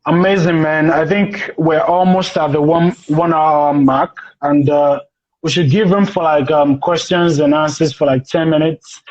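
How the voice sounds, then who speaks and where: A male host from Nigeria speaks in a slightly high, unhurried voice. He moderates a relaxed chat, chiming in with short affirmations and gently steering the talk. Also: dull audio. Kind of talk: casual conversational interview.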